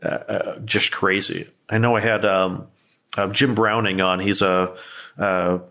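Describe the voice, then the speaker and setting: A man's voice: fairly low pitch, flat delivery, a little slow, pushed and bright. A man hosting a podcast interview, chatting casually and playfully acting out how he stalls scammers. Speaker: podcast host.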